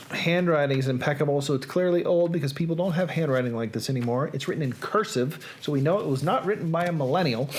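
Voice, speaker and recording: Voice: mid-range voice, darkish tone, a little hiss or hum. A host chatting casually on a live reading show, joking and reacting to viewers.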